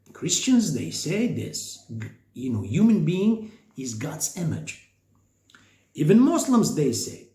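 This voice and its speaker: Animated man. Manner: animated, emphatic, with sudden pitch jumps and rhetorical questions. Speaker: speaker on faith and psychology. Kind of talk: informal spiritual lecture. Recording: echoey room.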